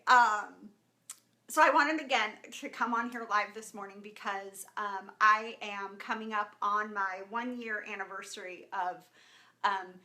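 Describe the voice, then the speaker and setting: A chatty woman from Southern California, in her thirties, talks live to her viewers with a bright, sharp tone and a fairly high voice. She rambles warmly through fillers and greetings, and she stays openly emotional and close to tears. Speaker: live video host. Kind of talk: casual live-stream talk to viewers. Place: indoors at home with camera and lighting setup.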